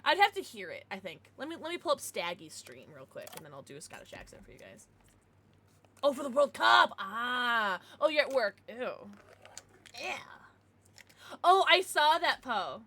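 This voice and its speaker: A woman's voice: medium pitch, sing-song, normal speed, sharp tone. A young American woman chatting casually on a livestream, giggly and bubbly as she greets viewers and reads out chat.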